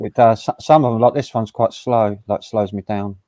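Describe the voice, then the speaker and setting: A man's voice: on the low side, moderate pace, warm tone, dry recording. A man hosting a live stream, chatting casually in a laid-back, dry way.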